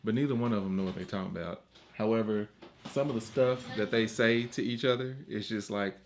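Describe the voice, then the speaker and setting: A man in his thirties, a podcast co-host, chatting casually and telling stories about his kids, acting out their lines in raised voices. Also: a little fast. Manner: animated storyteller, acts out quotes in high voices. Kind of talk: casual chat.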